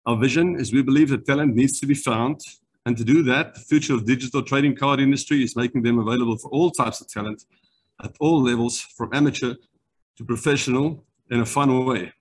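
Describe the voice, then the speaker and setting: A man from South Africa with a South African accent, delivering a brisk, rehearsed startup pitch over a video call. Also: breathy edge. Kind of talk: online pitch presentation.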